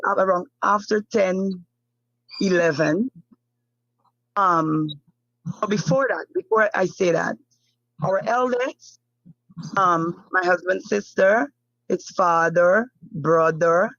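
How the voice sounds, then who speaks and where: A woman whose husband is a missing fisherman recounts events in an interview, halting and repeating herself with many fillers. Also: lowish voice, gravelly, no echo, dull audio. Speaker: family member of a missing fisherman, interview guest. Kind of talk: emotional first-hand account in an interview.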